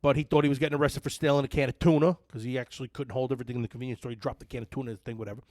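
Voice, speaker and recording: A man hosting a podcast, loud, excitable and cursing freely in casual chat. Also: medium pitch, rapid-fire, dry recording, clean studio sound. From New Jersey. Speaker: podcast host.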